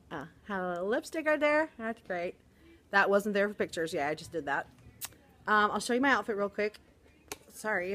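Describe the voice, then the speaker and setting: A woman's voice: mid-range voice, a bit bright. A woman teacher in casual vlog chat, telling stories with giggles, filmed on a handheld camera in a classroom. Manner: chatty, giggly storytelling. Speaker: first grade teacher.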